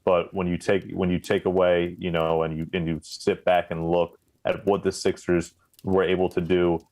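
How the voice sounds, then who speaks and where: A man's voice: deep voice, little pitch movement, normal speed, a little mellow. A man hosting a sports podcast, talking loosely and conversationally as he sets up the discussion. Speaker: podcast host.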